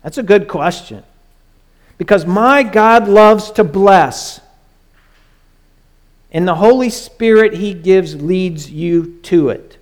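Pastor guy preaching, slow and drawn out, goes soft then loud and pleading. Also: high voice. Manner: swings from soft, hushed lines to raised, urgent pleading. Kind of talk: sermon.

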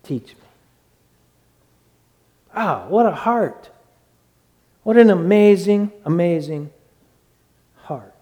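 A man preaching a sermon as pastor, swinging from loud exclaiming to hushed words. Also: high-pitched, lively intonation, slow pace, pauses often.

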